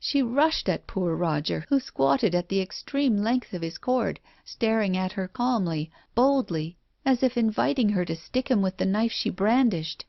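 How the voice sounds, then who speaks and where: A woman reading a first-person horror story in a measured, even way. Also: mid-range voice, creaky, dry recording. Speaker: audiobook narrator. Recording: dull dry lo-fi recording.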